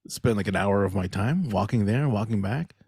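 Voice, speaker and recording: A man co-hosting a casual comedy podcast, chatting in an animated way and often asking "you know what I mean?". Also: lowish voice, fairly quick, husky, dry recording, studio quality.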